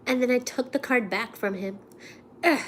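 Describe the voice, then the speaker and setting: A woman's voice: on the high side, normal speed, a little hiss or hum. A woman with a cold telling a story in casual chat, chatty and indignant, acting out the people in it. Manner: chatty storyteller, animated and indignant, acts out quotes. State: sick with a cold, coughing. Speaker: vlogger. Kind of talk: casual chat to a live audience.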